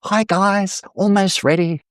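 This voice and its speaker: A man's voice: high voice, fairly even intonation, a little slow, dry recording, studio quality, voice pushed up. A man voicing a frustrated, overworked woman who is hosting a meal, stressing her words in exasperation. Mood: cheerful. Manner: exasperated, stressing each word.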